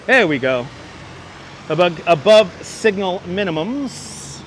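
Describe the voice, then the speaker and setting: A high-voiced man with a Brooklyn accent talks into a wireless clip-on mic while walking city streets. He chats animatedly with his livestream viewers. Traffic hums faintly behind him. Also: takes it slowly. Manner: chatty, animated, often thanking viewers by name. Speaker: livestream host.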